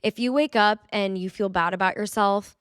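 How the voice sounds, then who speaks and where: A chatty woman telling a personal story in a candid vlog, her voice smooth and resonant. The sound is dry and close, with no room echo. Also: medium pitch, moderate pace. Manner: candid, chatty, lots of "like" fillers. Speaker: vlogger. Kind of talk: casual confessional vlog.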